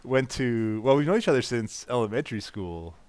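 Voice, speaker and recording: A man's voice: medium pitch, animated, fairly quick, darkish tone, no echo. Man, laid-back co-host, dry humor, mid-range voice, dead close mic, no room sound. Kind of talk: casual chat.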